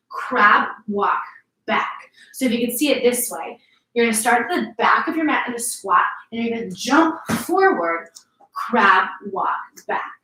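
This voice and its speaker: Her voice is on the high side, pushed and bright, as she coaches a workout class indoors at home. Upbeat and encouraging, she calls out each move, at times short of breath, with roomy echo from a distant mic.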